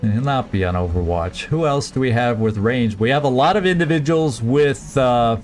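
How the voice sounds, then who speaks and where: A man talking through a turn-based strategy game as he plays, at a middle pitch. He thinks aloud, restarting sentences and second-guessing his plans, with faint game music underneath. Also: expressive. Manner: thinking aloud, halting restarts, planning moves. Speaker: gameplay streamer. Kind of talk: casual let's-play commentary.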